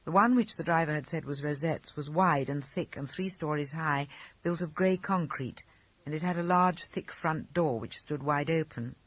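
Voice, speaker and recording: Male audiobook narrator, expressive, fairly high voice, dry close sound. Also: no echo. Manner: lively expressive reading. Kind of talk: scripted narration.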